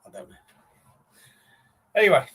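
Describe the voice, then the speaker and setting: A man's voice: moderate pace, fairly bright tone. A man hosting a casual live beer stream, chatting in a rambling, matey way with casual swearing.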